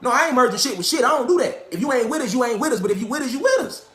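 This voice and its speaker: A man's voice: extremely high pitch, expressive, racing, fairly bright tone. A man giving a profane, emphatic livestream lecture into a phone or webcam, repeating rhetorical questions. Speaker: online lecturer. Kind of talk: animated livestream rant.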